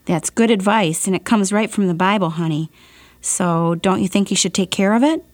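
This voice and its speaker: Woman playing a caring mom, gentle coaxing questions, dry close sound, family audio drama. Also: medium pitch, normal speed, no room sound, natural voice. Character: calm, caring mother.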